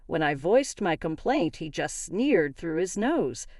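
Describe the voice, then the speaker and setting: Woman reading a revenge story, kinda low voice, bouncy intonation, dry sound. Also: sing-song, measured pace, darkish tone, no room sound. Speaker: story narrator. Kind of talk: scripted first-person narration.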